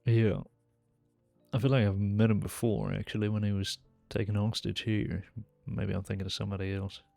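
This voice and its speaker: A man's voice: fairly low pitch, moderate pace, creaky, no echo, faint music behind. A man streaming a role-play game, chatting casually and laughing often as he jokes with another player. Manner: laughs often, relaxed and joking.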